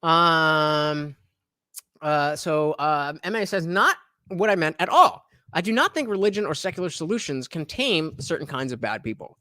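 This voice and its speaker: Livestream host, man from New Jersey, very lively pitch, casual rambling chat commentary. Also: moderate pace, no echo, clean studio sound. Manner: rambling, lots of fillers, animated.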